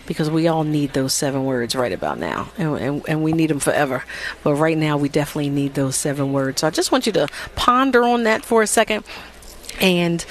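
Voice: mid-range voice, a little hiss or hum. Chatty upbeat radio host. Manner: chatty and upbeat, with many fillers and repeats. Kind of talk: casual live radio talk. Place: radio studio at a theater.

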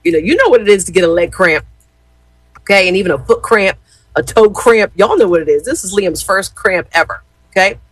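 A woman's voice: medium pitch, animated, a little fast, husky, no echo, low-quality recording. A woman in her fifties telling a rambling family story to her viewers, chatty, with lots of fillers and "y'all". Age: 50s. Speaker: former gospel radio host.

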